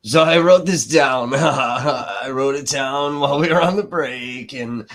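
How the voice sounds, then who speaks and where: A man's voice: medium pitch, a little slow, few pauses, fairly bright tone. A man hosting a live stream, talking casually in a profane, sarcastic, rambling way, sniffly from allergies.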